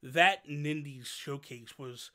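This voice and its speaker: A male show host runs a casual livestream chat, speaking slowly in a fairly high voice. He's an animated, long-winded storyteller who keeps drifting onto tangents.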